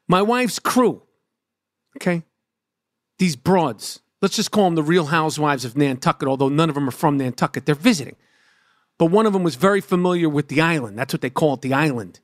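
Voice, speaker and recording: A middle-aged man, telling a profane, animated story as a podcast host. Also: high voice, dry recording, clean studio sound. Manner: animated, brash, lots of swearing.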